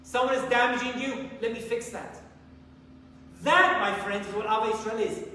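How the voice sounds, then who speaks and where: High-pitched rabbi preaching, acts out the story, far from the mic in a big echoey hall w/ faint room noise. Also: male voice, moderate pace. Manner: animated storyteller, acts out dialogue. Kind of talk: sermon with storytelling.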